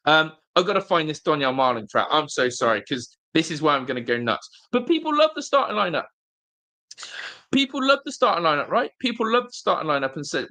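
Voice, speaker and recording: Furious ranting football fan. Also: male voice, on the high side, expressive, a little fast, pushed and bright. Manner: angry, ranting, swears, repeats phrases. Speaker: fan channel host. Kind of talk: live football watch-along rant. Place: hotel room.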